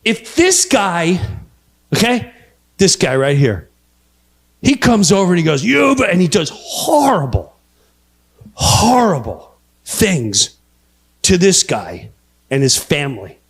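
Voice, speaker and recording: A middle-aged man doing live stand-up comedy, ranting with lots of energy and jumping into loud shouted voices. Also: a little high, big pitch swings, slow pace, long pauses, slightly rough.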